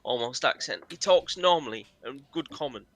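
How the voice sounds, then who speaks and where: A man's voice: medium pitch, lively intonation, normal speed, a bit bright, slight background noise. A man running a tabletop role-playing game as game master, narrating in a casual, loose way.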